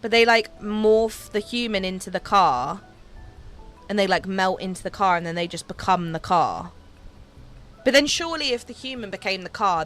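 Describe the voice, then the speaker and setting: A woman's voice: medium pitch, a bit bright. Woman, game streamer, casual chat, giggly, lots of fillers, faint music behind. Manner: chatty, giggly, many fillers like "um" and "like". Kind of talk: casual livestream chat while gaming.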